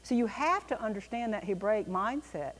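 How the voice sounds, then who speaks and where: A woman teaching a Bible class in an animated, emphatic way, with a reverberant room around her. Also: medium pitch, normal speed.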